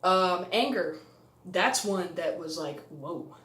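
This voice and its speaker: A young adult man talking candidly in a personal vlog, reflective and halting, with frequent restarts. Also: high voice, fairly bright tone. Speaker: vlogger. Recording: echoey room.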